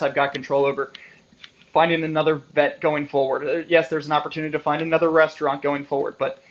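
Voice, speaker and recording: A man with a fairly high voice gives a motivational talk to fellow chiropractors, casual and conversational. He keeps checking in with the listener, tagging his points with "right?" The audio is a bit dull and lo-fi. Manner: conversational, with frequent rhetorical "right?" tags. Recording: slightly muffled lo-fi audio.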